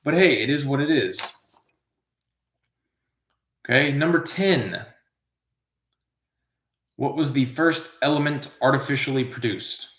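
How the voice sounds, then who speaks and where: Slow-talking man hosting trivia, echoey. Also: mid-range voice, expressive, fairly bright tone. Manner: slow, drawn-out, musing asides. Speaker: trivia host. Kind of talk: live trivia reading, casual chat.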